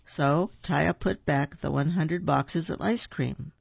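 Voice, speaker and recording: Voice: mid-range voice, takes it slowly, creaky, slightly rough, no room sound. A storyteller reading a children's picture book aloud, with playful asides, in a dull lo-fi recording.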